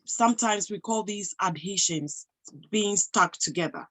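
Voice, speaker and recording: A woman's voice: mid-range voice, a little slow, a bit bright, low-quality recording. A woman giving a motivational talk to an audience, emphatic, posing rhetorical questions and answering them herself. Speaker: motivational speaker and health professional.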